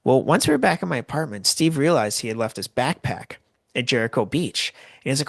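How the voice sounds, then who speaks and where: A Canadian man telling a story in a loose, rambling way, full of "like" and false starts. His voice sits at an ordinary middle pitch and sounds dry and close, with no room around it. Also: expressive, fairly quick, creaky, fairly bright tone, dry recording. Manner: rambling, lots of "like" and restarts. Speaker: podcast host. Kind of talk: casual storytelling.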